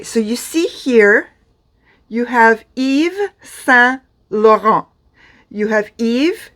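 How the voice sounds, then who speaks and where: A middle-aged woman from France teaching pronunciation to camera in a chatty, self-deprecating way. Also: fairly high pitch. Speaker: beauty vlogger teaching pronunciation.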